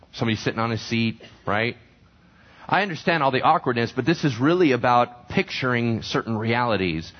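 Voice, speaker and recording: A man preaching a sermon with a very lively, swooping voice. He keeps putting questions to the congregation and answering them himself. The recording sounds dull and lo-fi. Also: mid-range voice. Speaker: pastor. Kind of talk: sermon teaching from scripture.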